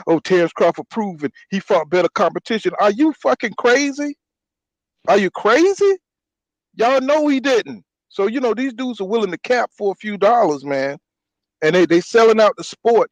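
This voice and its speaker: Boxing podcast host, male, high-pitched, fired-up and slangy, recorded dry. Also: dry recording, low-quality recording. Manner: ranting, repeats "you know what I'm saying". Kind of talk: heated casual boxing talk.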